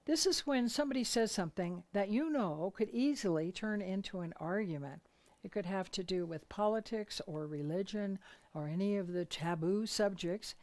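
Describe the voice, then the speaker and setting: Older woman, gentle unhurried teaching talk, homely anecdotes, mid-pitched voice. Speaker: spiritual teacher.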